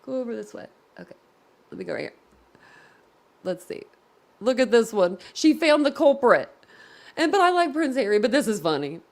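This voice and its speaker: A woman's voice: on the high side, sing-song, normal speed, creaky, pauses often. A woman hosting a casual live reaction stream, giggling constantly and laughing to tears. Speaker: livestream host. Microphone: computer at desk.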